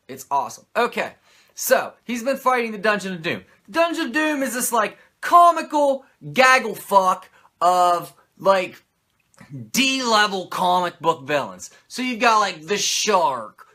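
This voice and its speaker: Male host, comedic wrestling recap, profane, sarcastic, bright voice. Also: high-pitched, sing-song, unhurried.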